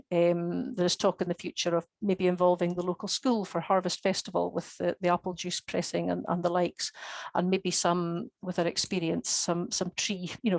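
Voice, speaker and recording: Woman crofter on a video call, lowish voice, kinda monotone, lots of restarts. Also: creaky, no room sound. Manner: earnest, hesitant with many restarts. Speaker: crofter presenting her project. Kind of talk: spoken presentation on a video call.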